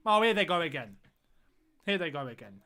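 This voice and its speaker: A man's voice: fairly high pitch, very animated, fairly quick, bright, forceful tone, clear, resonant tone. A man streaming a football watch-along, reacting live to the match and repeating phrases as he groans and exclaims at the play.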